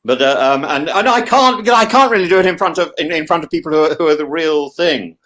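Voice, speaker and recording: A man's voice: fairly high pitch, expressive, fast, fairly bright tone. A middle-aged man from England, co-hosting a casual chat, who keeps restarting and repeating words as he talks. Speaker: co-host.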